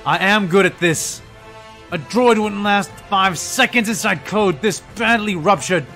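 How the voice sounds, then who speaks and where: A man's voice: sits high, a little slow, bright, forceful tone, faint music behind, voice pushed up. A man voicing a defensive male cyborg clone soldier who talks through clenched teeth. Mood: strained, irritated.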